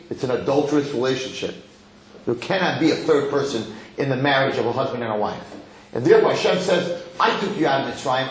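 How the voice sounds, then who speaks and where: Animated rabbi in an echoey hall. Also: male voice, mid-range voice. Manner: animated, acts out quotes, repeats words. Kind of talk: Torah lecture. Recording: echoey hall with faint noise.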